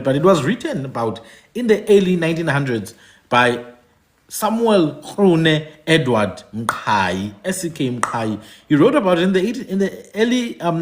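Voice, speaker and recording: Man, emphatic talk-show commentary, high and swooping delivery. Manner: emphatic, repeats points, asks "hmm?". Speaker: podcast host. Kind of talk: animated commentary.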